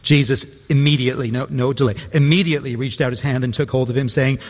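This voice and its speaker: Earnest preacher in a reverberant hall. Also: male voice, mid-range voice, steady tone, fast talker, hardly any pauses. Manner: earnest, with stumbling repeated words. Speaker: pastor. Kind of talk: sermon. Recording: long reverb of a large hall.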